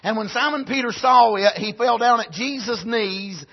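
A male preacher delivering a sermon, punctuating it with amens and swinging from loud cries to soft, low passages. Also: moderate pace, hardly any pauses, slightly rough, muffled recording.

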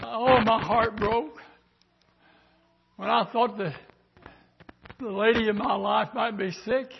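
An older man from the American South preaching a sermon, moving from quiet storytelling to fervent shouting. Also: high-pitched, steady tone, slow, creaky, muffled recording, background noise.

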